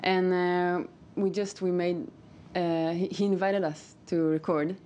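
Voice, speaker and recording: An Israeli woman with a very low voice answers questions in an interview, pausing often to find her words. A faint noise runs under the recording. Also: level tone, dark tone. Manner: hesitant, searching for words. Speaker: musician guest. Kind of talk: casual interview chat.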